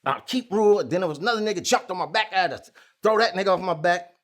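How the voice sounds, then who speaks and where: Man, interview guest, casual storytelling, animated, street slang, slightly higher pitch. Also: fast talker. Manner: animated, acts out quoted lines loudly, heavy street slang.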